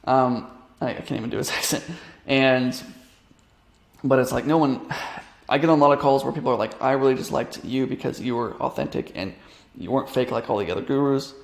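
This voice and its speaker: A young male coach talks through an online tutorial in a loose, rambling way, full of fillers and restarts. His voice has a gravelly edge, and the room gives it a noticeable echo. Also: medium pitch, fairly quick. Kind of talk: casual screen-share tutorial.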